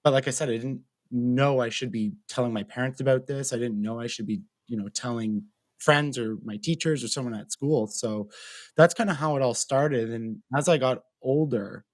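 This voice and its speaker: In a medium-pitched voice at a normal speed, a young man with a Canadian accent opens up about his life as an interview guest, speaking earnestly and filling his talk with fillers. He's a mental health advocate, recorded dry.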